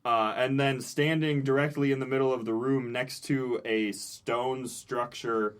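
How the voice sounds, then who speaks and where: A man narrating as game master in a halting way, with frequent fillers. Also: medium pitch, steady tone, clear, resonant tone.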